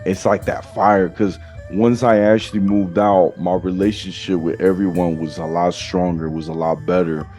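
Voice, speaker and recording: Low, mellow-voiced male podcast host. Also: steady tone, normal speed, hardly any pauses, soft background music. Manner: casual, slangy, peppered with "you know what I'm saying". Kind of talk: casual chat.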